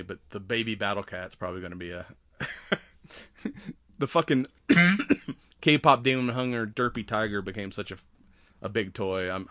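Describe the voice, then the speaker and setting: A man's voice: lowish voice, pushed and bright, dry recording. A man in his forties co-hosting a podcast in casual chat, laughing often and acting out movie lines in silly voices. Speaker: podcast co-host.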